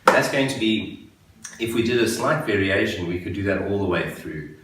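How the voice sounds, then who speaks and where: A man giving a relaxed guitar lesson for beginners, patiently explaining and counting beats aloud. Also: lowish voice, normal speed. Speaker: guitar teacher. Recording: very echoey room, mic at a distance, guitar playing. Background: guitar playing.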